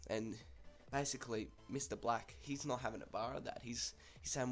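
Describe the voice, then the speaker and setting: A man's voice: fairly low pitch, a little fast, gravelly, hardly any pauses, soft background music. A young man with an Australian accent casually telling a school story, chatty and swearing freely.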